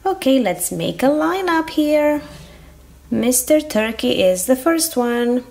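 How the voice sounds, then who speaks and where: A woman's voice: high voice, big pitch swings, slow pace, creaky, darkish tone. A woman narrating a children's toy play as a doll train conductor, cheerful and sing-song. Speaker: toy video host voicing a conductor doll.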